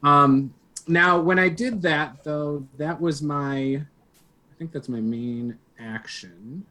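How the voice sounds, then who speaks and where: A man's voice: a little high, takes it slowly, sharp tone. A man playing in a tabletop game, hesitantly thinking aloud as he works out his turn. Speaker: player. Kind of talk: tabletop game play over a stream.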